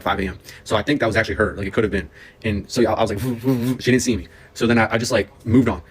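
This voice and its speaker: A young man telling a personal story in a casual, excited, rambling way, full of fillers and restarts. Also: fairly low pitch, breathy edge.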